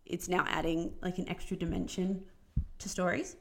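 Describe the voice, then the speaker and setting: A woman's voice: lowish voice, little pitch movement, normal speed, gravelly. A woman co-hosting a podcast, chatting casually and using lots of filler words. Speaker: podcast co-host. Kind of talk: casual chat.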